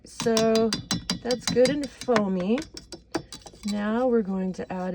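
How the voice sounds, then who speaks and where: A woman's voice: lowish voice, background noise. A woman chatting casually as she cooks in a motorhome kitchen, rambling and laughing at her own slips. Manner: chatty, rambling, self-deprecating. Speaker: vlogger. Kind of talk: casual cooking vlog.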